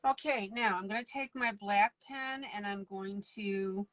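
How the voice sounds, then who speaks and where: Chatty woman teaching a slow coloring lesson. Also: medium pitch, fairly bright tone, dry recording, low-quality recording. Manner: chatty and playful, laughs often. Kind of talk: casual live-stream coloring lesson.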